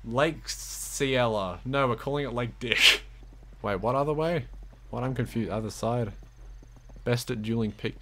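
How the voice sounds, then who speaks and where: A man's voice: medium pitch, unhurried, bright, forceful tone, slight background noise. A young man giving giggly, self-mocking live-stream commentary as he plays a game, talking to the screen.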